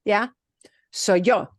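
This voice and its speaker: A woman leads a Spanish lesson, punching key words and repeating example phrases. Her voice sits at a middle pitch and sounds dry and close to the mic. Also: very slow, no echo. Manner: animated, emphatic, switches between English and Spanish examples. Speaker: Spanish teacher. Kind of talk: online class instruction.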